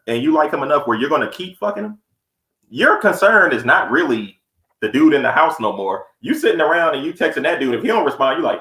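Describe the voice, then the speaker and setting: A man's voice: on the high side, a bit bright. A young man co-hosting a podcast, telling blunt, profane stories in casual chat. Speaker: podcast co-host. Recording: echoey room.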